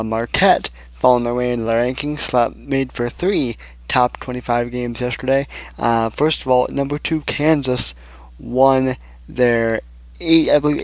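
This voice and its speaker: Gravelly young man reading sports picks. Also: medium pitch, no room sound. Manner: rambling, many fillers, reads scores and picks. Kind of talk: casual solo sports commentary.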